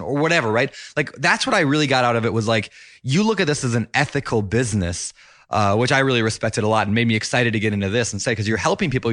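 A man's voice: mid-range voice, a bit bright, no room sound. Chatty male podcast host, dry sound. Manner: chatty, many fillers like "like" and "uh". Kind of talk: casual interview chat.

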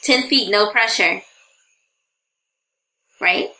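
A woman co-hosting a podcast, telling stories in an animated, laughing way while tipsy from drinking. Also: medium pitch, extremely slow, poor audio. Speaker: podcast co-host. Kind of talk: casual chat.

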